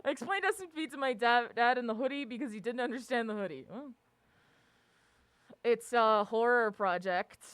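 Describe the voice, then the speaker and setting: A woman livestreamer with a slightly high, fairly bright voice chats casually with her viewers at normal speed, ranting, swearing a lot, and laughing often. Her sound is clean, with no room sound.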